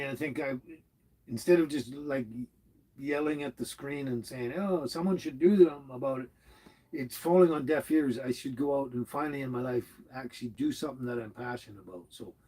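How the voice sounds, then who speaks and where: This is a man chatting on a casual live stream. His voice is a bit husky and sits at an ordinary pitch. He rambles warmly, circles back on his thoughts and chuckles as he talks to viewers. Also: rough recording. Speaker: livestream host reading chat.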